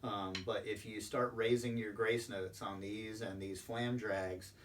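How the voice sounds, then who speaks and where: A patient percussion teacher explains drum rudiments step by step, using a few ums, in a recorded instructional session. His fairly low voice has little pitch movement and keeps a measured pace. Faint background noise comes through the distant mic.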